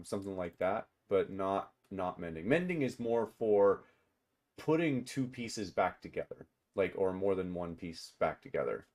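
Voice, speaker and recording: A man's voice: deep voice, a little mellow. A man running a tabletop game as game master, chatty and often laughing as he narrates.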